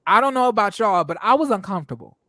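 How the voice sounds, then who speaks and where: A man hosting a casual review show, talking in an animated, emphatic way and acting out what people on the show said. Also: high-pitched, fast, dry recording, studio quality. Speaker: show host reviewing reality TV. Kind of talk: casual commentary.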